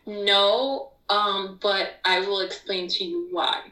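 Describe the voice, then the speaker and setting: A woman telling a story in a casual chat, animated, acting out quotes with sharp high-pitched outbursts. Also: slow, echoey room, far from the mic, poor audio. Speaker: guest.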